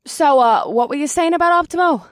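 A woman voicing a relaxed young superhero woman who talks in a casual, chatty way. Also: high voice, fairly quick, no echo, studio quality, lightly acted. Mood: easygoing.

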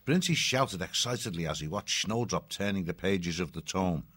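A man narrating a storybook in a measured, even manner. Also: low-pitched, slightly rough, no room sound, studio quality. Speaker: audiobook narrator.

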